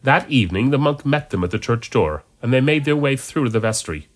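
A man narrating a story in an amateur audiobook reading, with expressive storytelling. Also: mid-range voice, brisk.

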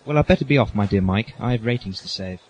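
A man's voice: fairly low pitch, fast, a little mellow, natural voice, low-quality recording. A man playing an eccentric, polite time-traveling doctor who talks in a chatty, fussy, genteel way. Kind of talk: amateur audio drama.

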